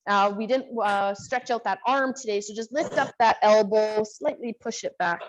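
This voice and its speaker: A woman's voice: medium pitch, moderate pace, lo-fi sound, faint music behind. A woman instructor running a live online exercise class, chatting about her week while calling out moves and breathing cues. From Canada. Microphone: video call.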